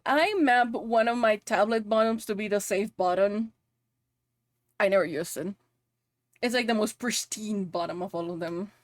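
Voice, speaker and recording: A woman's voice: mid-range voice, moderate pace, no echo. A woman with a Spanish accent chatting casually on a live stream while she works, giggly and swearing playfully. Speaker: VTuber streamer and model rigger.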